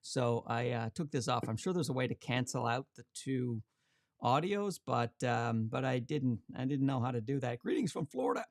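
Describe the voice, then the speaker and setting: A man's voice: mid-range voice, moderate pace, no room sound, clean studio sound. Man chatting casually on a livestream. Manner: chatty, joking, reads out viewer comments. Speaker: camera channel host. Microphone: XLR shotgun mic.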